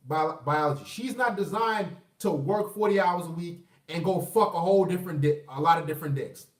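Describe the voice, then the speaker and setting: High-voiced man ranting profanely, echoey room. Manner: profane, emphatic, combative. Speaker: vlogger. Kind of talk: ranting livestream monologue. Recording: echoey room, far from mic.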